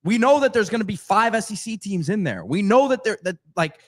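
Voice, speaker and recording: A man's voice: sits high, sing-song, brisk. A man co-hosting a sports podcast, exasperated and stammering as he starts his points. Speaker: podcast co-host. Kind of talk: animated sports talk.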